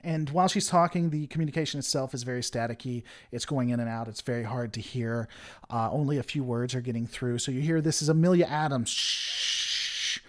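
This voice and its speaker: A man narrating as game master of a tabletop role-play game, speaking casually and hesitantly, with many fillers. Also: medium pitch. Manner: casual, halting, with fillers and laughs.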